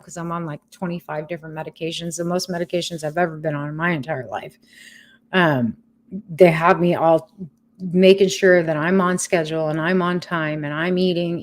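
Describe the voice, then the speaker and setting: Frank, emotional middle-aged woman, lowish voice. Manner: frank and emotional, with casual swearing. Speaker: vlogger sharing a cancer journey. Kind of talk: candid personal update.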